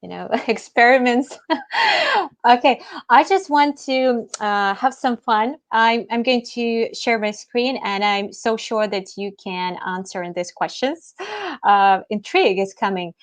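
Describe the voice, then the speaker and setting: A fairly high-voiced woman hosts a live educational webinar over a video call. She is bubbly, laughs easily and keeps things moving between guests. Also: a little slow. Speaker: webinar host.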